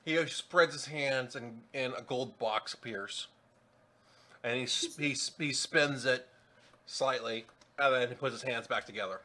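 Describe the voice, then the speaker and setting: A man narrating a tabletop game as game master, in a lively, stumbling way. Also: medium pitch, measured pace.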